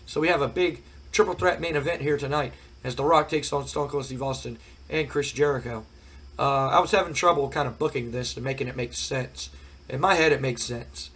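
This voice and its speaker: Man, gaming host, rambling casual commentary, cold-cracked voice, middle pitch. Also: a little fast, fairly bright tone, breathy edge. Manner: rambling casual, many fillers. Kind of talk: let's play recap commentary.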